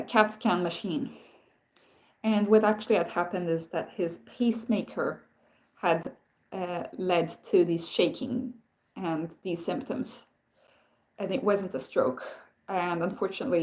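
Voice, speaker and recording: A woman's voice: fairly low pitch, a little mellow. A woman chatting casually on a live stream, telling stories in a rambling way with many restarts and answering viewer comments. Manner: rambling, self-interrupting storytelling with many restarts.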